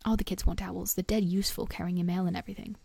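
A woman voicing a big, gruff but kindly male gamekeeper with a blunt way of talking in a storybook reading. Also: lowish voice, steady tone, racing, mellow, dry recording.

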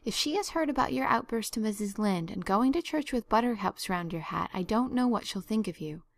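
A woman voicing a stern, practical older woman guardian who talks in a brisk, scolding, no-nonsense way. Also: mid-range voice, expressive, vocal fry.

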